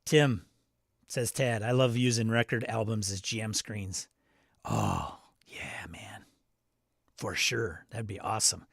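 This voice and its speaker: A man's voice: lowish voice, takes it slowly, gravelly, long pauses, no echo, studio quality. A man hosting a live game stream, reading viewer comments aloud and chatting in a loose, self-interrupting way. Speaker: stream host.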